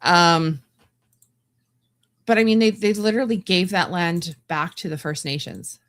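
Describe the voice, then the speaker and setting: This is a woman podcast host from Canada who talks alone in a blunt, exasperated way. She often stumbles and restarts her sentences. She speaks in a slightly lower register than most women. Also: a little slow, a bit bright. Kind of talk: opinionated solo commentary.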